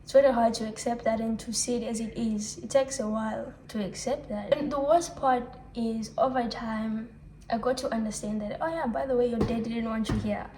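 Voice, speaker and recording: A young woman talking through a personal confessional vlog, reflective and halting, often restarting her sentences and letting out soft sighs. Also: fairly high pitch, fairly even intonation, a little hiss or hum. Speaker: vlogger. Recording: echoey room.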